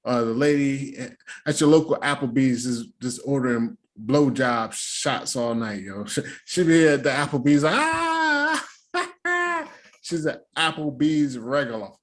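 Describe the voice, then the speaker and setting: A man at a mid-range pitch gives a casual reaction-video recap. His delivery is loose and slangy, peppered with swearing and easy laughter. He drops into quick mocking impressions of the people he talks about. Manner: slangy and animated, with frequent laughs and playful quoted impressions. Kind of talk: casual profane recap commentary.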